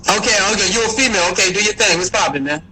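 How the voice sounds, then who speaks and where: A man hosts a livestream, chatting casually with viewers, teasing them and laughing often. His voice is high-pitched and racing, and the rough recording picks up a crowd and music in the background.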